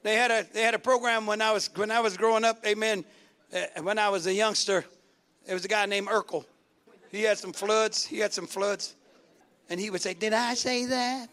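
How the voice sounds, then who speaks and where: A man preaching to his congregation in a strikingly high, bright voice. He fires questions at the pews and climbs into shouted, repeated runs. It sounds like a full church service. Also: fairly even intonation, a little fast. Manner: call-and-response preaching, rising to shouts. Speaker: pastor. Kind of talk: sermon.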